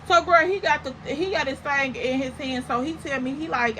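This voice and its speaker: A young woman telling a story in a casual, animated, slangy way, full of exaggerated comparisons. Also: high-pitched, moderate pace, few pauses, slight background noise, low-quality recording. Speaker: storytime vlogger.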